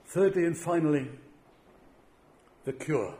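A man's voice: fairly high pitch, takes it slowly, warm tone. Earnest man preaching a sermon. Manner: earnest, repeats words while building a point.

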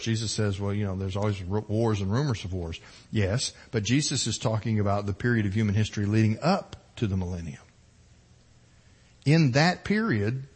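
Husky-voiced man preaching a sermon. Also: mid-range voice. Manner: emphatic preaching, rising and falling in volume and pace. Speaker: pastor.

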